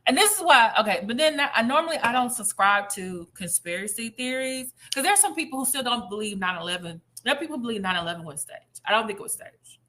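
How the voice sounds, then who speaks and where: A woman's voice: a little high, animated, quick pace, few pauses, sharp tone. A woman giving a casual, chatty commentary monologue, telling a story animatedly and acting out quotes.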